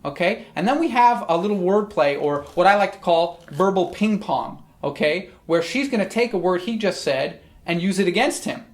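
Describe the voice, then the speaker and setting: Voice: mid-range voice, lively intonation, moderate pace, hardly any pauses. A teacher explaining a text in a recorded lesson, friendly, often checking in with "okay?". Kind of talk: recorded lesson on Shakespeare's language.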